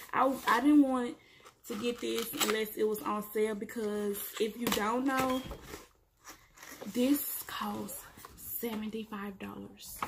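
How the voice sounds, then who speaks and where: Excited woman, slightly high voice, slow chatty pace, casual product review. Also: noisy background. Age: adult, has kids. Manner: excited, chatty, addresses viewers as y'all. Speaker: beauty vlogger.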